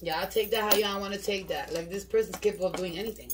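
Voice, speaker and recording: A woman's voice: mid-range voice, fast talker. A woman giving a casual tarot reading to her viewers, blunt, slangy and profane, rambling as she goes. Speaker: tarot reader. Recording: distant mic with clear background noise and clicks.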